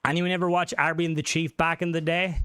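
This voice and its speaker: A man's voice: a little high, little pitch movement, fast talker, bright, forceful tone, clean tone, no echo. A man chatting casually on a live stream about game mods, swearing freely, rambling and joking, sometimes humming to himself. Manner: hums and sings to himself between remarks. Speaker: livestreamer reviewing game mods.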